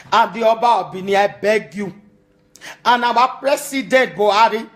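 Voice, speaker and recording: A woman with a Nigerian accent and a slightly high voice makes an emotional, pleading appeal. She repeats her entreaties and now and then breaks into a sung chant.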